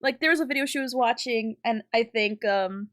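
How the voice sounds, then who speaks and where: A young woman on a live stream chats with her viewers in a loose, rambling way. She giggles often and jokes crudely. Her voice sits a little high for a woman. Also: moderate pace, a bit bright. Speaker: livestreamer. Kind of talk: casual live-stream chat.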